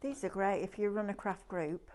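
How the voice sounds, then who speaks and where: A woman's voice: mid-range voice, fairly even intonation, normal speed, darkish tone, slight background noise. A woman co-hosting a live craft show, chipping in and passing on viewer questions. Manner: brief approving remarks, relays viewer questions. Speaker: co-host.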